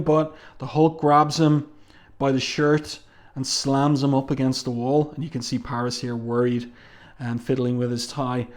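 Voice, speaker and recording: A man giving a casual spoken review of a comic book, taking his time and filling pauses with ums and uhs. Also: mid-range voice, level tone. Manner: unhurried, frequent ums and uhs, reads comic dialogue aloud.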